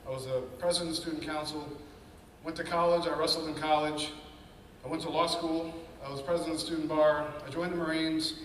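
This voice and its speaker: A man in his fifties giving an animated, conversational talk to an event audience, telling personal stories. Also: on the high side, a little fast, recorded from a distance. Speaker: panel speaker. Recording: echoey hall from afar, faint noise.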